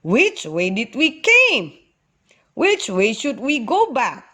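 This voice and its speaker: A kind, gentle father ox from a children's storybook, read by a woman. He talks slowly and warmly to his son, his voice lively and rather high. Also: exaggerated voice.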